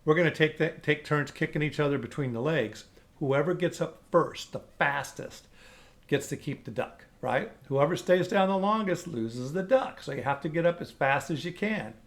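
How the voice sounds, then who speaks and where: A man's voice: a little high, lively intonation, moderate pace. A man voicing a shrewd, stern farmer who speaks firmly and matter-of-factly. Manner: firm, dry and matter-of-fact.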